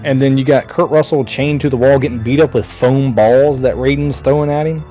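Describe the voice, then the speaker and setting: A man's voice: mid-range voice, brisk, muffled recording, faint music behind. Profane man retelling a movie scene by scene. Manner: profane, animated retelling with mocking voices. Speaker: podcast co-host. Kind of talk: casual movie-recap chat.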